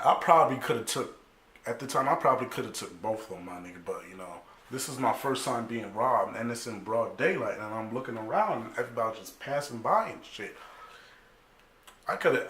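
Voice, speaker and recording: A young man telling a story casually, animated and profane, full of slang, acting out other people's lines. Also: medium pitch. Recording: echoey room.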